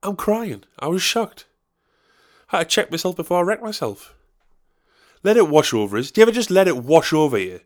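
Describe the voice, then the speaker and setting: A man's voice: a little high, sing-song, brisk, long pauses. A man, talking alone in a rambling, chatty and self-mocking way with some swearing. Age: 30s. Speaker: comedian and musician. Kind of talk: casual solo monologue.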